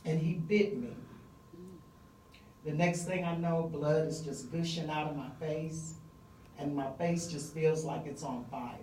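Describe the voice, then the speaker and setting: A middle-aged woman telling a personal story live on stage, vivid and conversational with frequent pauses and fillers. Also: low voice, steady tone, dark tone, reverberant, distant mic, a little hiss or hum, rough recording.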